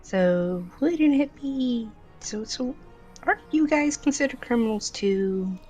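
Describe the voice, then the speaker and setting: A woman playing in a tabletop game, excitable as she declares her character's actions. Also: a little high, takes it slowly, soft background music. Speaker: player.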